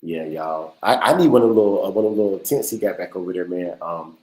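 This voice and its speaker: A man's voice: low-pitched, fast, a little mellow, low-quality recording. A man hosting a podcast livestream in a laid-back, slangy way, often repeating words. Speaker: podcast host. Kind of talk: casual livestream chat.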